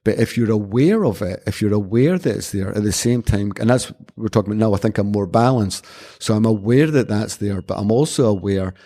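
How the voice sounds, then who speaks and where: A Scottish martial arts instructor talks earnestly in a rambling, conversational interview, telling casual anecdotes with many restarts. His voice is fairly low and fairly quick, with a dark tone.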